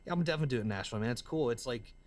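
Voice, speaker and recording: A man's voice: mid-range voice, very fast. A man from the American South, telling stories in casual slang as an interview guest. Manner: excitable storyteller, slangy, says man and dude. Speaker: guest, musician and entrepreneur.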